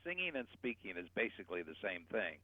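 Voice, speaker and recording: A man explaining voice technique as a guest voice coach, animated and shifting his loudness to demonstrate. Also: on the low side, quick pace, dry recording. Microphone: telephone. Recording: tinny phone line.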